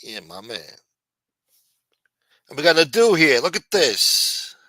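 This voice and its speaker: A man's voice: fairly high pitch, big pitch swings, takes it slowly, sharp tone, no room sound, low-quality recording. A man hosting a casual livestream, brash and profane, thanking chat donors. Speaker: livestream host.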